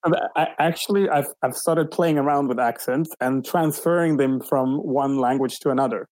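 Halting man with dry sound. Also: medium pitch, a little mellow, no room sound, rough recording. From Sweden. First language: Swedish. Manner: halting, thoughtful, frequent restarts. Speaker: guest. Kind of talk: casual interview.

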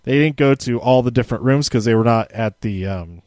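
Man, casual review, rambling with fillers, mid-pitched voice, dry close sound. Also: fairly quick, a little mellow, no room sound. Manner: rambling, many fillers and restarts; reads from handwritten notes. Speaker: wrestling show reviewer.

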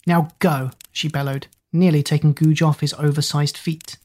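A woman narrating a children's book in a lively, expressive way. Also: sits low, normal speed. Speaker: audiobook narrator.

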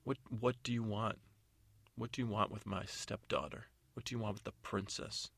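A man's voice: on the low side, steady tone, normal speed, gravelly, a bit bright, no echo. A man voicing a blunt, suspicious stepmother who questions curtly. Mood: demanding. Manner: curt, demanding.

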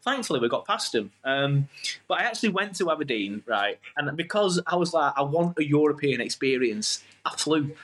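A man's voice: fairly high pitch, moderate pace. Chatty man telling stories. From England. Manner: animated, rambling, self-interrupting. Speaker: podcast guest. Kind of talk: casual storytelling chat.

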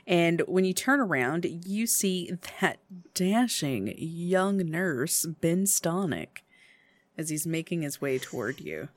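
A woman game master narrating a tabletop role-playing game in slow, unhurried descriptions. Her voice sits at a middle pitch, and the recording is dry and close. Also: big pitch swings, no room sound.

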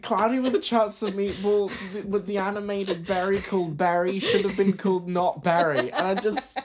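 A woman's voice: mid-range voice, normal speed, darkish tone. A woman guesting on a podcast, chatting casually in a rambling, giggly way with many restarts. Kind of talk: casual chat.

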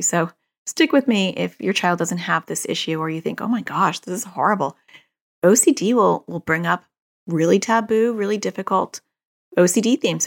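An earnest woman with a somewhat low voice talks parents through a therapy method. She leans on worked examples and comes back to her key phrases again and again. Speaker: parent educator on child anxiety. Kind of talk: explanatory talk to parents.

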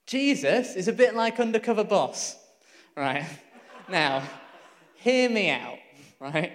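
A man preaching a sermon, telling a story in a lively, conversational way with laughs and asides. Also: high-pitched, slow pace, long pauses, big-room sound.

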